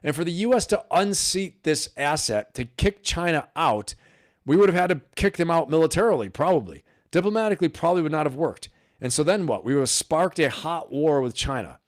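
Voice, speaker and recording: A man hosting a casual live stream, talking straight to his viewers, animated and full of rhetorical questions. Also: on the high side, brisk, no echo, clean studio sound.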